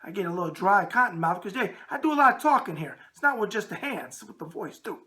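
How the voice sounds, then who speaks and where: A raspy-voiced man with a New York accent hosting a show, bantering in a brash wise-guy way. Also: high voice, expressive, fast, pushed and bright. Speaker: host. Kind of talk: casual call-in talk show.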